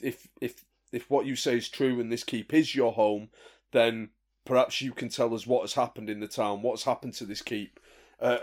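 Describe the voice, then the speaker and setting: A man's voice: medium pitch, darkish tone, lightly acted. A man voicing an earnest adventurer who stammers through urgent questions. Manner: flustered, stammering. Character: earnest adventurer demanding answers.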